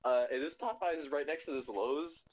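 A young man with a fairly high voice rambles through a funny story, stumbling over fillers and laughing as he goes. The recording is dull and lo-fi. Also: brisk. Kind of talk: casual chat. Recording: dull lo-fi sound.

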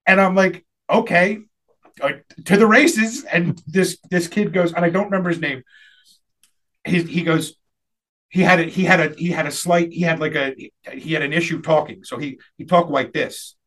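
A man's voice: a little high, steady tone, moderate pace, fairly bright tone. A man telling a rambling funny story in casual chat, laughing often and acting out the people he quotes.

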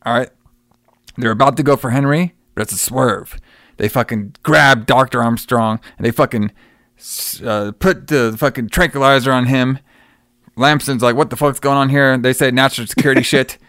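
A man's voice: mid-range voice, normal speed, fairly bright tone, dry recording, studio quality. A man casually retelling a film plot, swearing freely and acting out the characters' lines. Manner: profane, rambling, acts out quoted lines. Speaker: podcast co-host recapping a film. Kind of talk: casual chat.

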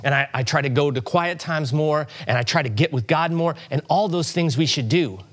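Animated middle-aged man preaching a sermon. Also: fairly high pitch, a little fast. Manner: animated, conversational preaching with asides and rising emphasis. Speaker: pastor. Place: church sanctuary with congregation.

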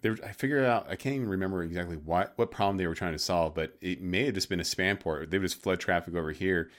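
A man's voice: low voice, quick pace, fairly bright tone. A man co-hosting a podcast, talking hesitantly with many restarts. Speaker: podcast co-host. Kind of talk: casual tech chat.

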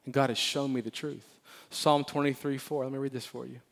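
A man preaching a sermon as pastor of a church, animated and emphatic, often repeating phrases and playfully acting out Bible characters. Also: mid-range voice, a little fast, gravelly. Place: church sanctuary.

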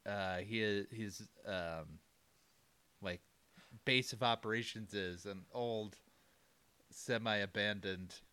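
A man's voice: on the low side, slow pace, long pauses, sharp tone, smooth. A man casually recapping a movie with a friend, meandering with fillers and mock-quoting characters. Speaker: podcast co-host.

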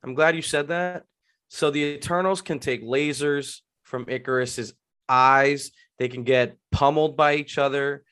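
Animated, swearing man reviewing a movie. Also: mid-range voice, measured pace, clean tone. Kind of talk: casual movie review chat.

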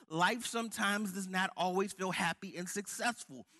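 A man's voice: high-pitched, normal speed, hardly any pauses, pushed and bright. A man preaching a sermon with fervent, building emphasis. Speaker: pastor.

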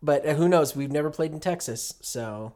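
A man's voice: on the high side, moderate pace, a crowd in the background. A man co-hosting a podcast in casual chat, talkative, laughing and swearing as he goes. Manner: chatty, profane, laughing. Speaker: podcast co-host.

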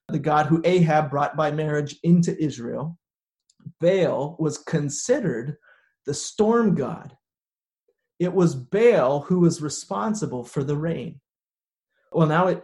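A man's voice: fairly high pitch, darkish tone. A man pastor preaching a sermon, retelling a story and acting out its quoted lines.

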